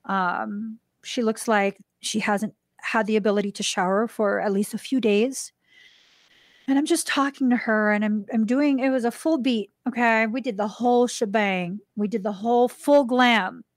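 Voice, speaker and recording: Studio-quality audio with no room sound carries a woman's casual personal story on her spiritual podcast, told at a moderate pace. She animates the dialogue by voicing quoted lines higher, then softens to a hushed tone at tender points.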